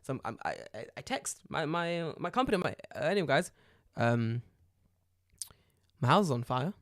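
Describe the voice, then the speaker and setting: Profane, animated man telling a story. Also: a little high, moderate pace, dry recording, studio quality. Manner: animated, profane, acts out dialogue loudly. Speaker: podcast co-host. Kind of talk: casual storytelling chat.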